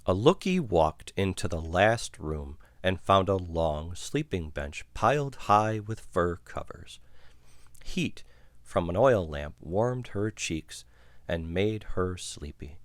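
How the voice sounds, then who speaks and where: Male storybook reader, deep, crisp and bright in a dry close recording. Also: no echo. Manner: unhurried, expressive. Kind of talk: children's picture-book read-aloud.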